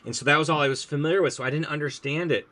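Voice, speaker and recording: A man's voice: a little high, very fast. A man who teaches languages, chatting casually about his classroom and acting out bits of lessons as he goes. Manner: lively storyteller, acts out classroom voices.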